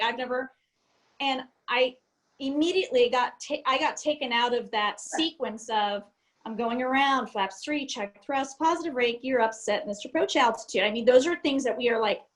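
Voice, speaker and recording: High-voiced woman telling pilot stories. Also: normal speed, rough recording. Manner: animated, laughs often, acts out cockpit dialogue. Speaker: airline captain and guest. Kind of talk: casual storytelling interview.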